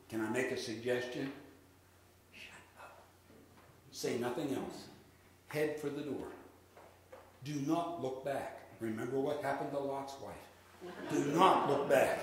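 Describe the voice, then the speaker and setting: A man giving a live sales seminar, lively and drilling the audience in call-and-response. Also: medium pitch. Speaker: real estate sales trainer. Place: large room with an audience. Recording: echoey hall with faint noise.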